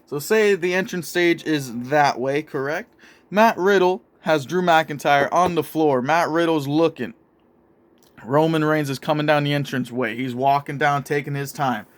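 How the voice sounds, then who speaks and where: A young man casually narrating a made-up wrestling storyline in an excitable, profane play-by-play manner. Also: fairly high pitch, moderate pace. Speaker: show host narrating a toy wrestling storyline.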